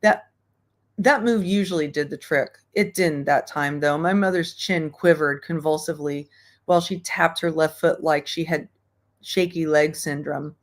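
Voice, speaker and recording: A woman hosts an online book club in a low voice. She reads passages aloud, then talks about them frankly and ramblingly, full of fillers and the odd curse. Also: normal speed. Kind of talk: reading aloud and casual book discussion.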